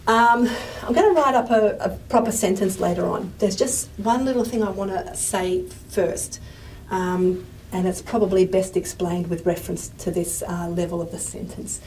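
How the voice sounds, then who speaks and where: A woman lecturer talks through a class at the whiteboard, her explanations chatty and peppered with questions to the room. She sits at a middling pitch, heard from some distance away with a faint background hiss. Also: moderate pace, a little mellow. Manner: chatty explanatory teaching with frequent "okay?" and "um".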